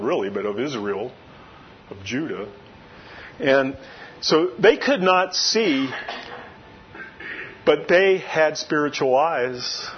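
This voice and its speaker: A man's voice: mid-range voice, muffled recording, a little hiss or hum. A man preaching a sermon, retelling a story in a loose, conversational way with frequent asides. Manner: conversational storytelling with many "you know" asides. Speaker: pastor.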